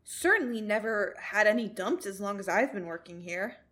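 A woman's voice: medium pitch, expressive, moderate pace, a bit bright, close to an everyday voice. A woman voicing a male scrapyard coworker who speaks casually and calls his friend "mate", read aloud from a story. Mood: easygoing.

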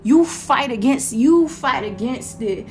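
A woman from Florida with a Florida accent, giving a casual, animated faith talk to camera, slangy and quoting scripture. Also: high voice, slow pace, soft background music. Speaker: Christian vlogger.

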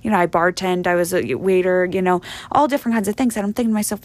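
Blunt, gravelly-voiced woman podcaster. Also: mid-range voice, quick pace, hardly any pauses. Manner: blunt and profane, filler-heavy rambling. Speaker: podcast host. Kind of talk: casual monologue.

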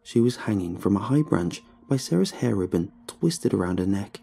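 A man's voice: lowish voice, big pitch swings, moderate pace, vocal fry, warm tone, slightly rough. A man reading a horror story aloud in a tense, dramatic narration with breathless rises.

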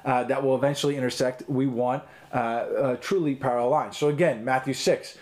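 A man's voice: mid-range voice, brisk, a little mellow. A middle-aged man teaching as a pastor in a recorded online talk, earnest and conversational, with frequent ums and restarts.

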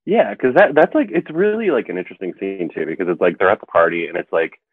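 A man's voice: low-pitched, lively intonation, fast, breathy edge, no room sound. A man co-hosting a casual film discussion podcast, rambling with lots of filler "like"s as he recaps scenes. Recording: tinny phone-like line, dry.

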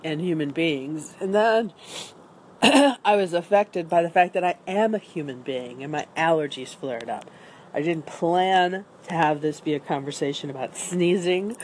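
Standing on ground covered in dry leaves, a woman with a deep, darkish voice chats through an upbeat, rambling morning vlog. She makes small restarts and has an allergy cough, and there's slight background noise.

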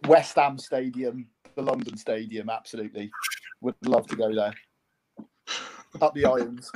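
A man's voice: medium pitch, steady tone, moderate pace, darkish tone, a little hiss or hum, poor audio. Easygoing man, sports club guest. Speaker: guest, club team member. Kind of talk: casual interview.

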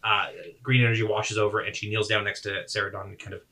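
A man narrating as game master of a tabletop game, casual and halting. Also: lowish voice, flat delivery, sharp tone, distant mic.

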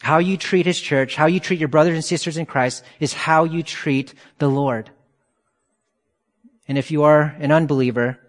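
A man preaching a sermon, reading scripture aloud and asking earnest rhetorical questions. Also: mid-range voice. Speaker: pastor. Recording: long hall reverb.

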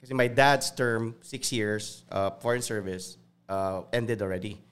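Animated man telling stories. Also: fairly low pitch, unhurried, clean tone. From United States (Virginia). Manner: animated, switches freely between English and Tagalog. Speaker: guest. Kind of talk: casual conversational storytelling.

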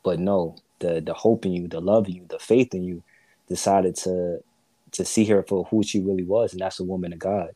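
A man co-hosting a faith podcast, asking questions and affirming his guest gently, with many fillers. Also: deep voice, fairly even intonation, moderate pace, no echo. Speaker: co-host.

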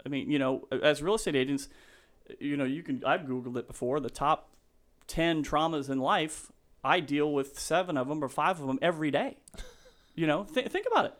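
A man's voice: on the high side, normal speed. Earnest, sentimental middle-aged man. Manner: earnest, openly sentimental, rambling with many restarts. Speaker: real estate agent, guest. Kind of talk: casual podcast interview.

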